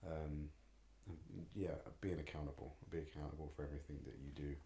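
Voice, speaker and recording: An English father in casual podcast chat, speaking reflectively and hesitantly with many pauses. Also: very deep voice, steady tone, mellow, echoey room.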